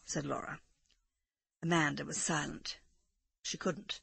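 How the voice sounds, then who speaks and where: A woman reading a short story aloud as an audiobook narrator, in a measured way. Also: low voice, flat delivery, vocal fry, fairly bright tone, husky, dry recording. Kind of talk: scripted literary narration.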